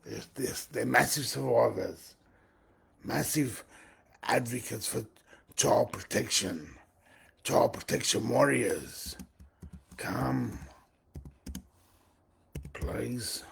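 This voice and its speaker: A man's voice: medium pitch, extremely slow, gravelly, long pauses, breathy edge. A man in his forties talking through a rambling live monologue, repeating his phrases and circling back to them. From Australia. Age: 40s. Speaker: livestream host.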